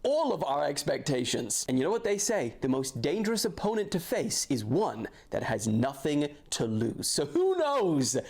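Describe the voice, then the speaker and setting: A man presenting quick news commentary in a punchy, dramatic way, heard from a played video. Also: a little high, big pitch swings, a little mellow. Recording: noisy played video clip.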